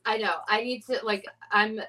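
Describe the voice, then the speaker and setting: A bubbly woman chatting casually as a podcast co-host, giggling often as she gushes. Her voice is bright and forward, though she sits a little back from the mic. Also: on the high side, fairly even intonation, normal speed, recorded from a distance, low-quality recording. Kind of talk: casual chat.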